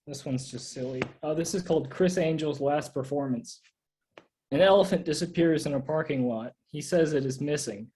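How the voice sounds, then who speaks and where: A man reading his own absurd poems aloud at a live reading, in a deadpan way. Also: a little high, moderate pace, poor audio. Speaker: poet reading own work.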